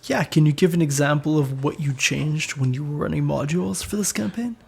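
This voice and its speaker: A man hosting a podcast interview, asking relaxed, wry questions. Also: a little high, fairly quick, gravelly, husky. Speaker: podcast host. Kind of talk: casual interview chat.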